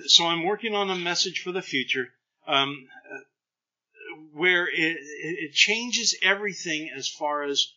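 A middle-aged man preaches with a very bright, forceful voice that sits a little high. He tells scripture stories with animated energy and voices the people in them. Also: husky, muffled recording. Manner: animated storytelling preacher, acts out scripture lines. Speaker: pastor. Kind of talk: sermon.

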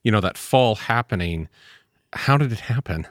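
A man's voice: lowish voice, expressive, moderate pace, no echo, studio quality. A man co-hosting a podcast, giving brief agreements and reading scripture aloud in plain tones. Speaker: podcast co-host. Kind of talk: casual chat and scripture reading.

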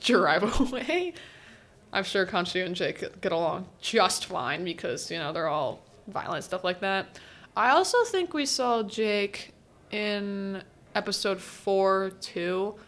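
Student podcast host, young woman, casual and giggly, average pitch. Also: measured pace, fairly bright tone. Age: teens. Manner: chatty, laughs often, quotes characters in little voices. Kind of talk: casual solo recap chat.

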